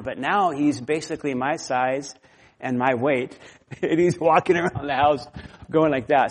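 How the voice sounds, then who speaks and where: A man preaching a sermon with earnest, conversational delivery and personal stories. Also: medium pitch. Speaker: pastor. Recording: long hall reverb.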